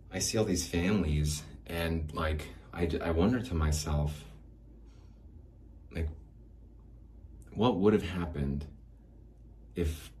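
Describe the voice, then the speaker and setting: A man's voice: extremely low pitch, darkish tone. A man hosting his own podcast alone in a small studio, rambling in a self-deprecating, wistful way. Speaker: podcast host. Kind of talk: rambling solo podcast monologue. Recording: roomy echo, faint background hiss.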